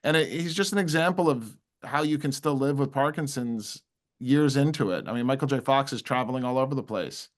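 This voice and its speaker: A middle-aged man speaks as a guest in a casual interview. He tells stories in an easy, chatty manner at a middling pitch. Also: brisk. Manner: storytelling, chatty.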